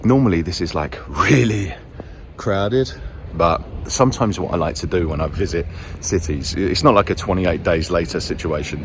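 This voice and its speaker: A man's voice: extremely low pitch, noisy background. A man narrating a book travel vlog outdoors in a city, chatty and playful. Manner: chatty, playful, enthusiastic storyteller. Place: outdoors in a quiet city street at dawn.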